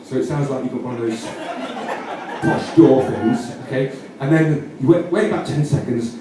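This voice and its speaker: Heard from afar in an echoey room with a little noise, a male comedian with a Yorkshire accent rambles through tongue-in-cheek instructions, correcting himself as he goes. His voice is medium in pitch and dark, at an ordinary speed.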